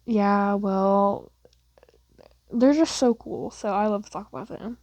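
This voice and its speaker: A woman voicing an excitable, chatty teenage boy who is the listener's best friend, gushing and calling everyone "girl". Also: mid-range voice, slow pace, no room sound, natural voice. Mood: teasing. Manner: gushing, calls people "girl".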